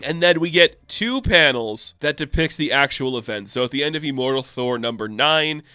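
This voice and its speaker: A man's voice: mid-range voice, normal speed, smooth, no echo, soft background music. A man reviewing a comic book in a casual, sarcastic way, acting out the characters' lines in goofy voices. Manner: animated, sarcastic, acts out quotes in silly voices.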